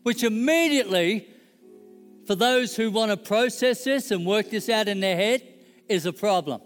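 A man's voice: high voice, expressive, normal speed, in a large hall, soft background music. A middle-aged man preaching a sermon in a conversational, joking way and checking in with his audience. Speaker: pastor.

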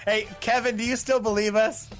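A man's voice: sits high, flat delivery, normal speed, fairly bright tone, faint music behind. A man playing a tabletop game, joking and laughing as he teases the others. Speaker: player. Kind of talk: casual tabletop game play.

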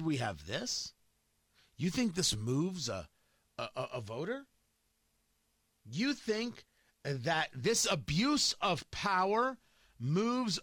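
A man's voice: sits high, pushed and bright, no room sound, clean studio sound. A man hosting political commentary, combative and emphatic, firing off rhetorical questions and repeating points for effect.

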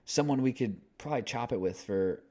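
A man's voice: mid-range voice, fairly quick, dark tone, husky. A man in his twenties co-hosting a podcast, talking casually in a rambling, laid-back way with lots of fillers. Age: 20s. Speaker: podcast co-host.

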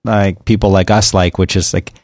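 Earnest, lower-voiced podcast guy. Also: little pitch movement, normal speed, a little mellow, no echo, studio quality. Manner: earnest, rambling with restarts. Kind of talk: casual tech podcast chat.

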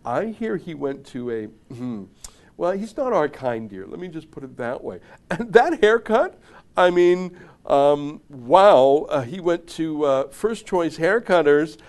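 A haughty snob who drawls with a sniffy, affected lilt and swings his pitch up and down in disdain, as a man puts him on. The voice is lively and theatrical, dripping with superiority. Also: measured pace. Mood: mocking. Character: haughty snobbish elitist man.

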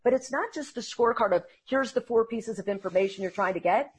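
A woman who trains salespeople, speaking as an interview guest and telling earnest, animated stories. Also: a little high, fast talker, slightly rough.

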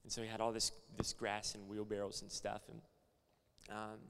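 A young male pastor from Florida preaching at a conference, moving from quiet stories to loud, passionate preaching. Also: on the low side, completely flat delivery, moderate pace, gravelly, clean tone. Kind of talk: conference sermon with storytelling. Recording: long hall reverb.

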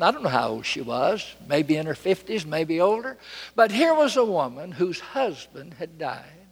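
A man preaching a sermon from a church pulpit, dramatic and emphatic, repeating phrases and swinging between loud and soft. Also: a little high, breathy edge, in a large hall.

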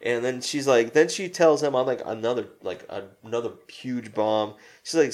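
A man co-hosting a casual podcast about a film, animated and laughing, with lots of fillers and swearing. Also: medium pitch, moderate pace, hardly any pauses. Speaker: podcast co-host.

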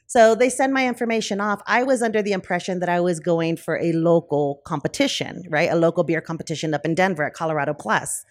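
Low-voiced woman telling a story. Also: fast talker, hardly any pauses. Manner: lively, acts out quoted dialogue in higher voices; frequent fillers, self-corrections. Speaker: brewery owner, podcast guest. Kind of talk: casual storytelling interview.

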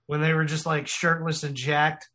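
A man's voice: fairly high pitch, level tone, normal speed, bright, forceful tone. A man co-hosting a casual podcast, easygoing as he talks about movies.

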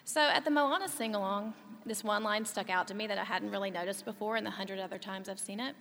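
Gravelly chatty woman with hall reverb. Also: medium pitch, fast talker, a little hiss or hum. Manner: chatty storytelling, lively asides. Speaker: co-host, mother. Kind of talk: scripted conversational reading. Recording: long hall reverb, faint ambience.

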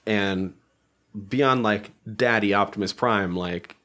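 A man's voice: on the low side, slow pace, bright, forceful tone. A man co-hosting a podcast in a laid-back, agreeable way with blunt asides. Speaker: podcast co-host. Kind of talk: casual chat.

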